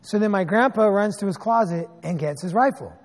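A man in his thirties preaching a sermon as a pastor, telling stories in an animated way with sarcastic asides. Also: sits high, a little fast, in a large hall.

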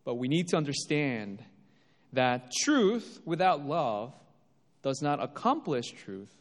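Animated male preacher in a reverberant hall. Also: on the high side. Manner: emphatic, rises and drops for effect. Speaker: pastor. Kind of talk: sermon.

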